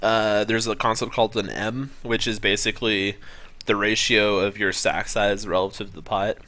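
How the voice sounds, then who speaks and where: Young man, lowish voice, bright, streaming, casual commentary, lots of ums and self-corrections. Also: level tone, moderate pace. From California. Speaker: poker streamer.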